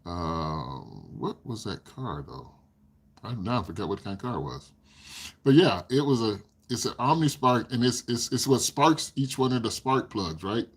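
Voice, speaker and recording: A man's voice: medium pitch, expressive, moderate pace, slightly rough. An older man hosting a casual livestream, telling rambling stories and laughing often. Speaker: livestream host.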